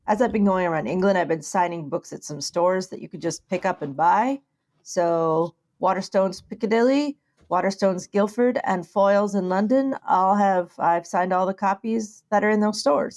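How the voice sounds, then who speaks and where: A woman co-hosting a podcast with wry, deadpan humor. She talks in a relaxed, casual way at a middle pitch. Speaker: podcast co-host and author.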